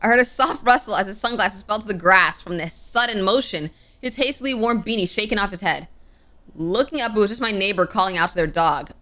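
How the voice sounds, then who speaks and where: A young woman streamer with a mid-range, brisk voice reads a game story aloud with dramatic flair, tossing in playful casual asides. Her delivery is expressive and broken by sudden playful outbursts.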